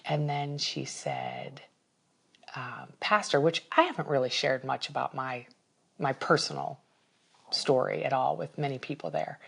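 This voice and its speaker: A woman's voice: rumbling low, very animated, a little slow, vocal fry, fairly bright tone, husky. A woman talking casually on a podcast, telling a personal story with lots of feeling and animation. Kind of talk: casual chat.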